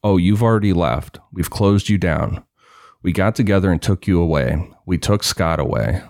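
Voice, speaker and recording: A cold, dispassionate male kidnapper speaking in a low, even voice, as a man reads his lines aloud. He sounds calm and menacing, and the recording is dry and close. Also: moderate pace, dry recording.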